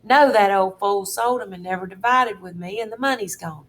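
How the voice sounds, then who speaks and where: A woman's voice: mid-range voice, moderate pace, natural voice. A woman voicing a middle-aged male con man who drawls and bosses in a threatening way.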